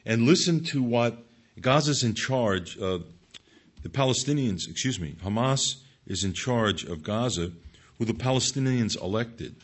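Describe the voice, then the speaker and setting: Husky-voiced man teaching the Bible. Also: mid-range voice, animated, measured pace. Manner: emphatic, addresses listeners as folks, reads scripture aloud.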